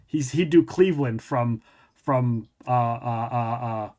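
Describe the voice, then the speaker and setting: Speaking slowly in a mid-range, somewhat dark voice, a male podcast host and tabletop game master rambles through a long, self-repeating story. The setting is a casual interview conversation.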